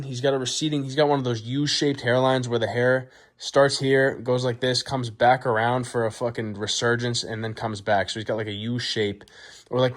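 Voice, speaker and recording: Foul-mouthed man telling a comic story. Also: mid-range voice. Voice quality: crude, boastful, heavy swearing. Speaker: vlog host. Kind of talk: profane comedic storytelling.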